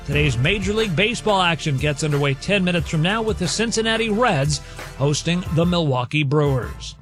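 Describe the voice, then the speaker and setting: High-voiced sports news man. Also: animated, fairly bright tone, faint music behind. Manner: brisk, factual reading. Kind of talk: radio sports news update.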